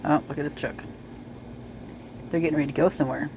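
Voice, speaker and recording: A suspicious commentator rambles over news footage in a casual, speculative way, packed with fillers and restarts. The voice is mid-range and steady but fast, with vocal fry and background noise.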